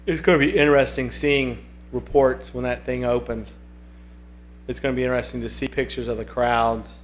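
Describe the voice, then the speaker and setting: A man's voice: mid-range voice, fairly even intonation, normal speed, a little hiss or hum. A man hosting a casual livestream, chatting and reading viewer comments aloud in a rambling way that often repeats itself. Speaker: livestream host.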